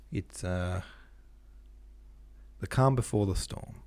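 A man hosts his own podcast in a low, mellow voice. He chats casually and muses aloud, poking fun at himself. The sound is close and dry, with no room around him. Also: expressive, moderate pace, creaky, dry recording. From Australia. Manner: chatty, self-deprecating, muses aloud. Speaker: podcast host. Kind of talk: casual solo podcast with poetry reading.

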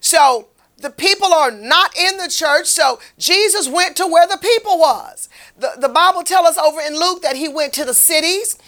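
A woman's voice: extremely high pitch, moderate pace, fairly bright tone. A woman delivering a fervent, repetitive street-preaching sermon as a lay minister.

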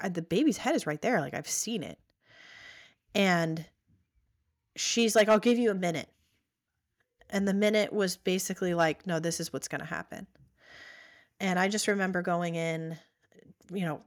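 A woman in her thirties telling a personal story as a podcast guest, animated, acting out what people said. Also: lowish voice. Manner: animated storytelling, acts out quoted voices.

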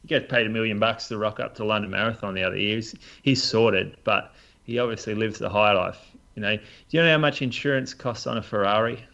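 A man's voice: fairly low pitch, brisk, creaky, pushed and bright, lo-fi sound. A man, a podcast co-host and running coach, giving opinions in casual chat.

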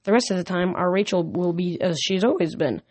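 A woman's voice: lowish voice, a little fast, darkish tone, no echo, lightly acted. A woman playing Apollo, a showy cheerful sun god. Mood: breezy. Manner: breezy, showy, upbeat. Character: cheerful breezy male sun god, boastful.

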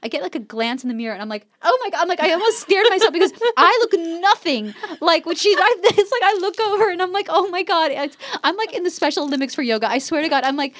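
Fast-talking animated woman, high voice. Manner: animated storyteller, acts out quotes, laughs often. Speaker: podcast guest. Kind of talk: casual chat.

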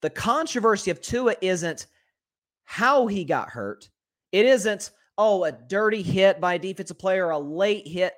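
His voice sits high and his pace is measured as this man hosts a solo sports podcast. The commentary is animated and opinionated, with frequent word repetition while he thinks.

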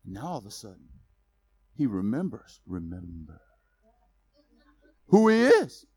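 A man preaching a sermon, telling a story in a lively, casual way with slang. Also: fairly high pitch, unhurried, long pauses, slightly rough, no room sound. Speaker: pastor.

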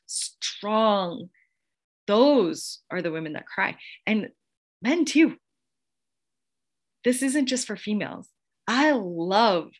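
A woman in her thirties hosting a podcast, talking in a casual, gushing motivational monologue and laughing often. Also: mid-range voice. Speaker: podcast host.

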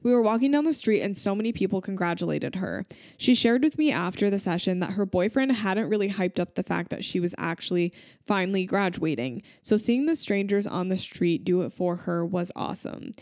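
A woman in her thirties hosts a podcast and reads listener stories aloud. She gets emotional and gushes between them, with plenty of fillers. Her voice sits at a middle pitch and the sound is dry and close to the mic. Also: expressive, fairly quick, a little mellow, no room sound. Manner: gushing, emotional, talks with many fillers. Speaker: podcast host. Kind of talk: reading listener stories aloud, casual chat.

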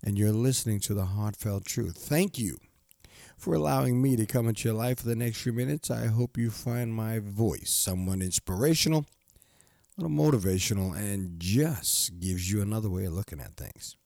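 A man's voice: on the low side, normal speed, gravelly, no room sound, clean studio sound. Giggly older man hosting a podcast. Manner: giggly, warm-hearted, repeats himself. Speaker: podcast host. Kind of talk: casual motivational monologue. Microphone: studio microphone.

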